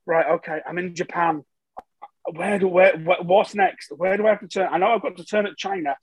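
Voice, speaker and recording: A man's voice: high-pitched, fairly even intonation, brisk, breathy edge, no echo, low-quality recording. A man from England, telling a story as a podcast guest in a casual, self-mocking way. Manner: chatty and self-mocking, with frequent fillers and restarts.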